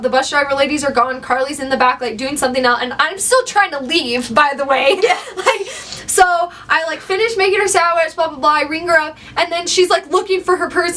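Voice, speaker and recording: Bright, high-voiced young woman telling a story. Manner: animated storyteller, acts out quotes. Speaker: vlogger. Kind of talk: casual storytime chat. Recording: slightly distant mic, faint background noise.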